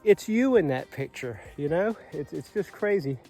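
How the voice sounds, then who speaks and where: A man's voice: fairly high pitch, lively intonation, normal speed, mellow, faint music behind. A man in his late forties giving an earnest, motivational vlog talk outdoors, swearing casually. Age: 40s. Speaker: vlogger. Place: outdoors on a Caribbean island.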